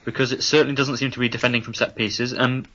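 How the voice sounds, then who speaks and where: A man co-hosting a comedy football podcast, playing a deadpan, overly polite and formal phone-in presenter. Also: mid-range voice, fast talker, dull audio. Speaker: podcast co-host.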